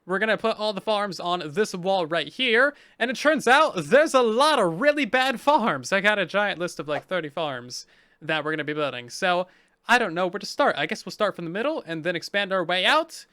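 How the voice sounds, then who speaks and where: Man, game let's play host, casual commentary, upbeat and sarcastic, high voice, dry close sound. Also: animated, moderate pace, bright, forceful tone, smooth, no echo.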